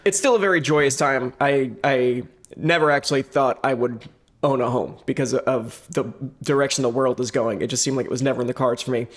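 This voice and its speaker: A man's voice: mid-range voice, a little fast. A young adult man co-hosting a podcast, talking casually in a wry, reflective way. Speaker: podcast co-host. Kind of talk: casual chat.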